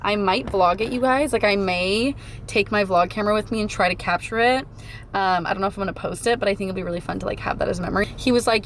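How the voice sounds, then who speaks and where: A woman's voice: medium pitch, fast talker, a little hiss or hum. A young woman vlogger chatting casually to her viewers, gushing and filling her talk with "like". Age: young adult. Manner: gushing, chatty, says "like" constantly. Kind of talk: casual chat to camera. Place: home, then in a car.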